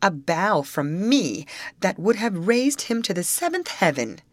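A woman's voice: deep voice, big pitch swings, normal speed, dry recording. A woman voicing a spoiled, vain young lady in a storybook reading, with a haughty, teasing manner. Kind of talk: audiobook character voice.

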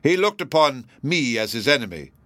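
A man's voice: mid-range voice, big pitch swings, fairly bright tone, dry recording. A man doing a pompous old judge. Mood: insistent. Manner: pompous, deliberate and formal. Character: smug, self-assured elderly male judge, pompous and formidable.

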